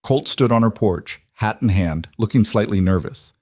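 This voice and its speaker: Male narrator, low voice, dry close mic; calm, measured scripted story reading. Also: no echo.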